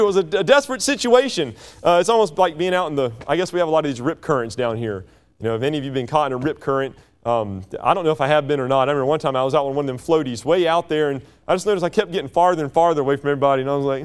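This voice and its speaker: A man delivers a sermon with a high voice. He talks in a folksy, storytelling way, and his voice climbs higher when he stresses a point. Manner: folksy, anecdotal, voice rising on emphatic lines. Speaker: preacher.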